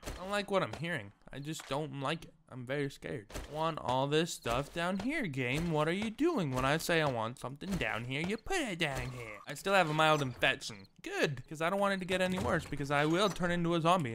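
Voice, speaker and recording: A man's voice: on the high side, a bit bright, a little hiss or hum. A man commenting on his survival game playthrough in a jokey way, talking back to the game and its zombies, sometimes whispering. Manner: drops to a whisper at times. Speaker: gaming channel host. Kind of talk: let's play commentary.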